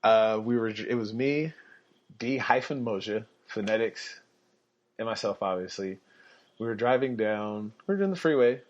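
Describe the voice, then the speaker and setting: A young man telling personal stories casually on a podcast, animated, often laughing and acting out the people in them. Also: on the low side, normal speed. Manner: animated, laughs through his stories, acts out quotes. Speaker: podcast guest storyteller. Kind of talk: casual storytelling. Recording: dull lo-fi podcast audio.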